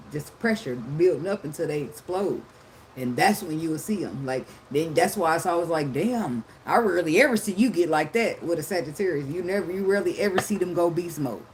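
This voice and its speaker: Woman, tarot reader, casual monologue; low voice, blunt and profane, laughs a lot, faint noise behind. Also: darkish tone.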